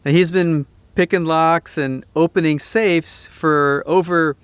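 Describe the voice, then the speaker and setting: A man hosting an RV do-it-yourself vlog, telling a story in a chatty, relaxed way. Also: fairly high pitch, takes it slowly, clear, resonant tone, no room sound. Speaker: RV DIY channel host.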